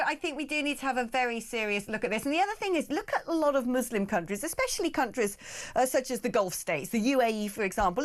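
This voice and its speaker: A woman hosting a radio phone-in, briskly reading out listener messages and answering callers. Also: high-pitched.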